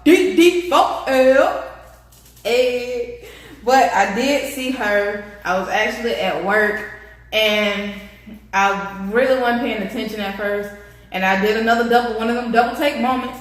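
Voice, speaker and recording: A young woman vlogger telling a casual story, animated and slangy, speaking straight to her viewers. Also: fairly high pitch, measured pace. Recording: echoey room.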